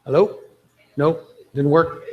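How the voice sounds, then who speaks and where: A man's voice: fairly high pitch, slow pace, dull audio. A man giving a chatty, joking conference presentation, quoting movie lines for laughs. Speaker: conference speaker.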